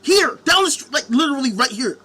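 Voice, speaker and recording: A live-stream commentary host rages through a monologue packed with swearing, mocking whoever he quotes, recorded on a webcam. His very high-pitched voice is sing-song, pushed and bright, and a little fast.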